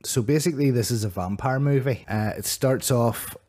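Guy chatting about movies, rambly, lots of restarts, middle pitch. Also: moderate pace, a little mellow. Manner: rambling, frequent restarts and fillers. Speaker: movie review podcast host. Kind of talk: casual chat.

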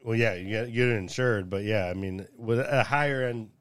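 A man's voice: moderate pace, fairly bright tone, no echo. A man appearing as a podcast guest in a studio, talking casually and hesitantly, with many fillers. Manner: hesitant, filler-heavy, low-key. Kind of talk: casual chat.

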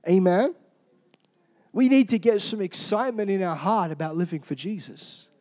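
A man preaching a sermon in an energetic, humorous way, often asking the congregation "Amen?". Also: sits high, normal speed.

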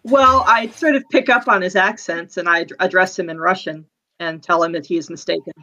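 A woman's voice: on the low side, a little fast, sharp tone, highs cut off. A woman playing in a tabletop game, chatting casually and laughing often. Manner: laid-back, laughing often. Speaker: player.

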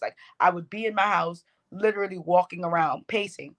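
A woman's voice: fairly low pitch, fairly even intonation, a little fast, fairly bright tone. Woman poet chatting about her craft. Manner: heartfelt, rambling with fillers. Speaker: poet guest. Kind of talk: casual interview chat.

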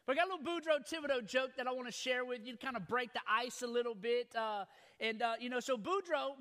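Pastor guy in his 30s, higher voice for a man, folksy and fired up, repeats himself a lot. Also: fast talker. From Louisiana. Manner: folksy, repetitive, energetic. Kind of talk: sermon.

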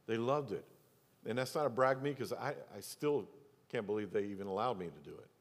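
A man's voice: on the low side, brisk. Male pastor, middle-aged, storytelling sermon, long church reverb. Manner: storytelling, acts out quoted voices, drops to near whisper for emphasis. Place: church sanctuary. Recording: reverberant hall.

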